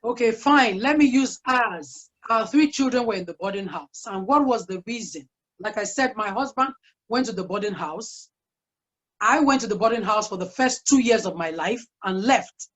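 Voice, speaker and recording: A woman with a medium-pitched, expressive voice speaks at a moderate pace as a guest speaker, giving an earnest, chatty parenting talk packed with personal anecdotes. The recording has a dull, lo-fi sound.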